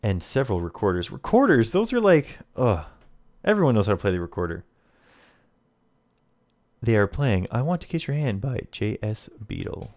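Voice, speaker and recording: A man's voice: fairly low pitch, lively intonation, fairly quick, pauses often, darkish tone. A man playing a text adventure, reading the game text aloud and making wry asides to himself. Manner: reads game text and comments wryly to himself. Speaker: let's player.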